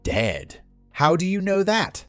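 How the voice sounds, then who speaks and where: A man reading the lines of a sharp, questioning wife in her forties in a dry, plain voice. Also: high voice, wildly swooping pitch, slow, no room sound, soft background music, voice pushed up, heavily acted. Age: 40s. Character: upset middle-aged wife, woman.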